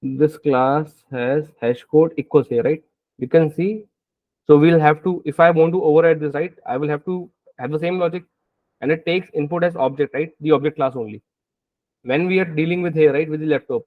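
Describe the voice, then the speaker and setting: A man's voice: fairly high pitch, moderate pace, no echo. Male coding instructor working through code live, tinny dry recording, muttering and questioning himself. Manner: thinking aloud, frequent "right?" checks. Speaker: programming instructor.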